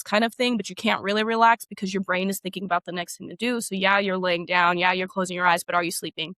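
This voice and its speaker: A woman's voice: on the low side, steady tone, quick pace, few pauses, fairly bright tone, dry recording. A woman in her thirties, a former teacher and coach, telling her story in a candid interview with emphatic, casual talk.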